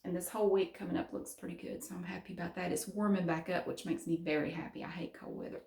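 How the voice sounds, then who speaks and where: A woman's voice: lowish voice, fairly even intonation, fast, vocal fry, a little mellow. A middle-aged woman from the American South with a Southern accent, chatting casually in a vlog and laughing often. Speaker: vlogger. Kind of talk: casual chat. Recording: roomy echo.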